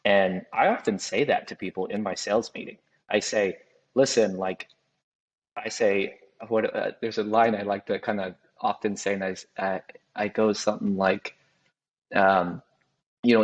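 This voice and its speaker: Low-pitched and fairly even in intonation, this man speaks at a normal speed, though the recording is rough. Owner of a custom home building company, he reflects in relaxed conversation, frequently restarting his thoughts and imitating how his clients talk.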